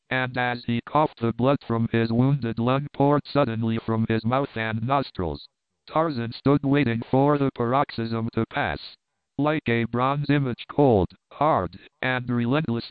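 Male audiobook reader, smooth clear voice, tinny phone-like sound, dry. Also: medium pitch, no echo. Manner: steady, measured reading. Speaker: audiobook narrator. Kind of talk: scripted narration.

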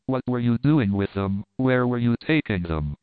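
A man's voice: mid-range voice, lively intonation, normal speed, clear, resonant tone, no room sound, close to an everyday voice. A man voicing a fierce, vengeful ape-man nobleman who speaks coldly and with command. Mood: furious. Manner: cold, threatening, commanding. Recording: tinny phone-like, dry.

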